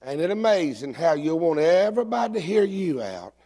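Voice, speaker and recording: Folksy preacher man, shouting at times. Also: fairly high pitch, big pitch swings, a little fast. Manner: folksy, joking and shouting in bursts. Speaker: pastor. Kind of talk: sermon. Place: church sanctuary.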